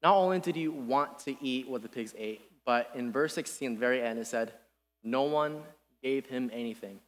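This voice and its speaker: A young man giving an earnest, casual sermon, animated and full of restarts. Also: mid-range voice, moderate pace. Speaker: preacher. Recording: long reverb in a hall.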